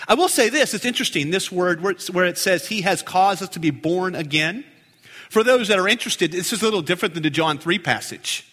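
A man preaching a sermon as pastor, emphatic, stretching key phrases out and then dropping to a near hush. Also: high voice, lively intonation. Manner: emphatic, drawn-out phrases with sudden drops to a hush. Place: church sanctuary. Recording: reverberant church hall.

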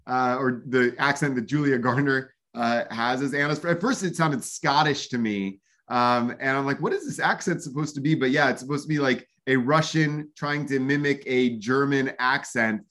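A man hosting a casual review chat, talking in halting phrases full of fillers and restarts. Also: medium pitch, fairly even intonation, a bit bright. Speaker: podcast host.

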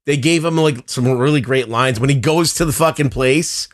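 A man's voice: medium pitch, normal speed. A man chatting casually about a movie on a podcast, rambling, swearing freely and peppering his talk with filler words. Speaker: podcast co-host. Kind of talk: casual movie review chat.

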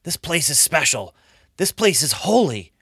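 A man's voice: on the high side, big pitch swings, measured pace, gravelly, a bit bright, breathy edge, no room sound, studio quality, pitched above the performer's own voice, exaggerated voice. A man voicing an impulsive, earnest adult male disciple in a storybook reading, speaking in an emphatic, blurting way. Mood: eager.

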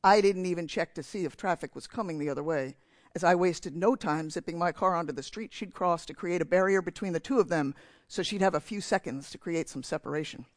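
A man's voice: a little high, fairly quick, no echo. A man from New Jersey giving a sermon in church, telling a candid, self-mocking story about himself. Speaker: preacher.

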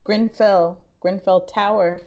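A woman's voice: medium pitch, fairly even intonation, takes it slowly, darkish tone, muffled recording. A woman hosting a casual conversation, responding with supportive comments and short interjections.

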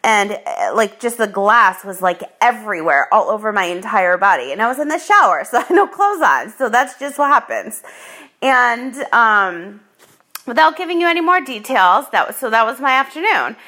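Bright, chatty woman podcast host. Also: on the high side, big pitch swings, moderate pace. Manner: chatty, filler-heavy, laughing as she tells it. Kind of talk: casual storytelling monologue.

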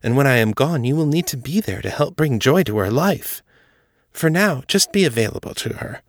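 A man voicing a smooth, manipulative male Daedra who talks in a soft, coaxing, confident way. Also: mid-range voice, lively intonation, moderate pace, voice pushed up. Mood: reassuring.

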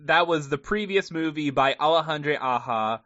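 A man's voice: a little high, moderate pace, fairly bright tone. A man hosting a podcast, chatting through a movie review in a jokey, self-deprecating way. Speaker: podcast host. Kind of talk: casual movie review chat. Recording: slightly muffled dry podcast audio.

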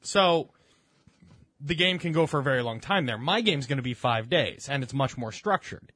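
A young man co-hosting a casual podcast chat, telling stories in an animated way and swearing freely. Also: medium pitch, moderate pace, slightly rough, dry recording. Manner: animated storytelling, swears a lot. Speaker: podcast co-host.

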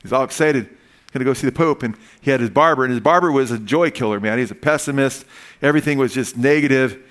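A man's voice: mid-range voice, fast, a bit bright. Casual, folksy male preacher. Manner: casual and folksy, says "man" often, tells jokes. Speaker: pastor. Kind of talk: sermon.

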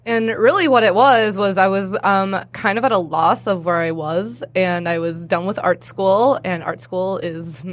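A woman's voice: mid-range voice, measured pace, few pauses. A young adult woman, a hairstylist and cosplayer, chatting as a podcast guest in a bubbly way with frequent laughs. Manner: bubbly, laughs often, lots of fillers. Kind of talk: casual interview chat.

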